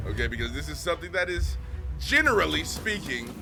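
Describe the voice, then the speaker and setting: A young man tells rambling, profane stories on a stream, laughing as he goes. His voice sits high and swings widely in pitch. Music plays clearly underneath. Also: big pitch swings, a little fast. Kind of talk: casual storytelling.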